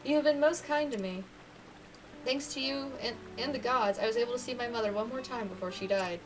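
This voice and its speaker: Woman reading as an earnest young game heroine, formal speech, high voice, distant mic, faint game music. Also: a little fast, natural voice. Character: young woman reunited with her mother, earnest.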